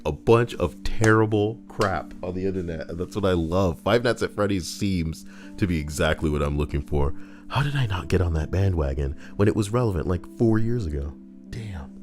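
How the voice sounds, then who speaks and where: A man's voice: sits low, a little mellow. A young man reading Reddit posts and riffing on them in a crude, joking, rambling way. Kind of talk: casual commentary.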